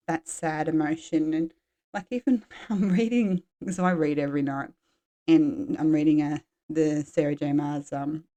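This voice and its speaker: A woman's voice: deep voice, dark tone. A woman in her forties hosting a podcast, talking frankly and in a rambling, casual way about her own life. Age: 40s. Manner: frank, rambling, drops swear words. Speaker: podcast host. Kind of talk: candid personal chat.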